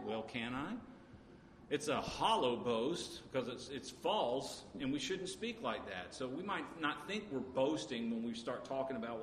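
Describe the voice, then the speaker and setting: Man, preacher, sermon, halting delivery, long hall reverb, roomy sound. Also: mid-range voice, animated. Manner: halting, many uh fillers and restarts. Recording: echoey hall with faint noise.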